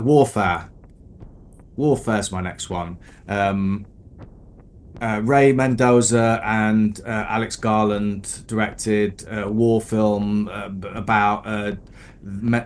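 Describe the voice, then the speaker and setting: A man co-hosting a casual film podcast, relaxed and hesitant with many fillers. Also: lowish voice. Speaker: podcast co-host.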